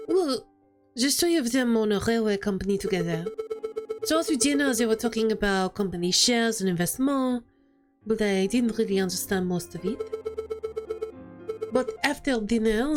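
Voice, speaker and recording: A young noble cat lady, sweet and innocent, as a woman puts her on. The voice sits high and bounces, lively in pitch. Faint music plays under the game read-through. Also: close to an everyday voice. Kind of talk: visual novel read-aloud.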